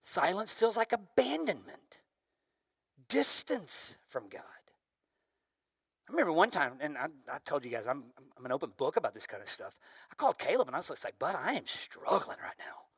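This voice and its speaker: A young adult man, a pastor, preaching a sermon in an animated way, swinging from loud bursts down to hushed, quiet lines. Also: fairly high pitch, moderate pace, pauses often, husky, dry recording, studio quality.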